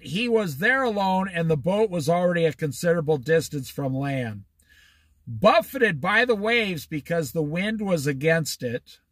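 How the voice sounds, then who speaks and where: Speaking from the Oregon coast, a high-voiced, energetic man gives casual Bible study commentary. His style is chatty: he reads a verse, unpacks its meaning, and performs the quotations. There's no reverb on the dry recording.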